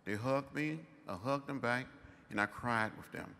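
A man in his seventies giving a commencement address in slow, emphatic, measured phrases. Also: mid-range voice, pushed and bright. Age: 70s. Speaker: commencement speaker. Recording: long hall reverb.

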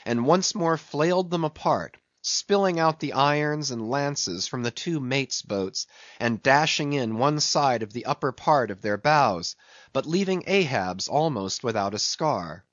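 Male audiobook narrator, measured delivery, dry and slightly muffled. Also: mid-range voice, animated, a bit bright, no echo. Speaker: audiobook reader. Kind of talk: scripted narration of a classic novel.

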